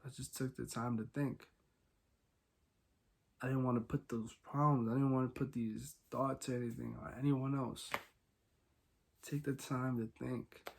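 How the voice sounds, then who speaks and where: A young man hosting a solo podcast, talking casually and candidly, rambling with many fillers and swinging between quiet and loud. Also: medium pitch, fairly even intonation, a little slow, creaky, long pauses. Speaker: podcast host.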